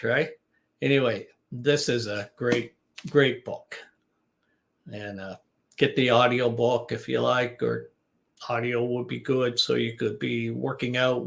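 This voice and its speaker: Guy teaching business english live, chill and chatty, bit of gravel in his voice. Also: medium pitch. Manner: relaxed, conversational, advice-giving. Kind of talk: live-streamed lesson.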